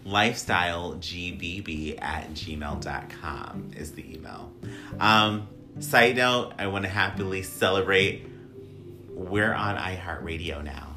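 A man with a very deep voice hosts a casual podcast. He talks in a chatty, playful way and swears freely. Music plays clearly underneath. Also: slow pace. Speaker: podcast host.

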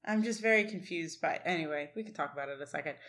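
A woman's voice: low voice, rapid-fire, fairly bright tone. Chatty woman recapping a show. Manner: chatty, many fillers, reads quotes aloud. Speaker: podcast co-host. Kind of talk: casual recap chat.

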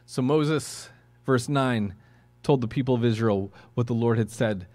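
A male pastor delivers a sermon in a plain, chatty, earnest manner, his voice now and then lifting into emphatic bursts. He sits at a middle pitch for a man, and the sound is dry and close with hardly any room around it. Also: measured pace, darkish tone, no room sound. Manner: conversational and earnest, with sudden emphatic rises. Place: church.

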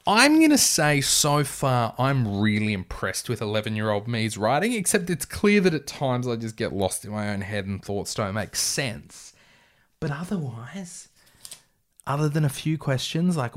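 A man's voice: medium pitch, very animated, a little slow, fairly bright tone, faint music behind. A young man with an Australian accent who reads aloud from his childhood novel and breaks off for wry, self-mocking asides. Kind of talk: comic reading with commentary.

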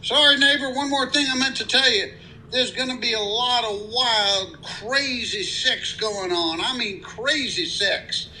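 A man voicing a friendly rural country man in a joke, with a sly, drawn-out delivery. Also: very high voice, pushed and bright, slight background noise, voice pushed up, heavily acted, low-quality recording. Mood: folksy.

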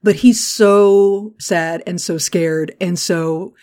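A woman co-hosting a podcast, recapping a show in casual chat, animated and laughing often. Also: on the low side, slow pace. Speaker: podcast co-host.

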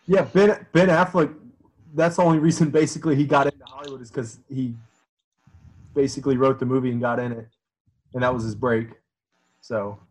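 A man's voice: medium pitch, fairly even intonation, brisk, pauses often, darkish tone, low-quality recording. A man co-hosting a podcast, chatting casually, laughing easily and leaning on fillers. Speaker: podcast co-host. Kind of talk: casual chat.

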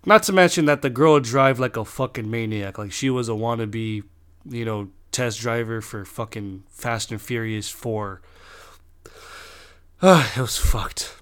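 A man's voice: mid-range voice, normal speed, fairly bright tone, smooth. A young man telling a long personal story in a rambling, casual way, swearing constantly and restarting his sentences.

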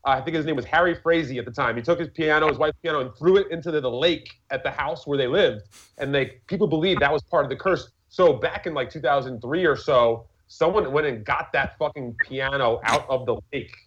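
A man's voice: a little high, brisk, a bit bright, breathy edge. A man in casual podcast chat, rambling with many fillers, restarts and swearing. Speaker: podcast co-host. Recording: lo-fi muffled audio.

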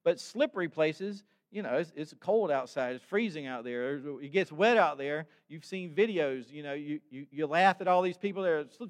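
A man's voice: fairly high pitch, normal speed. A male pastor preaching a conversational sermon, reading scripture with rising intensity and often restarting his sentences.

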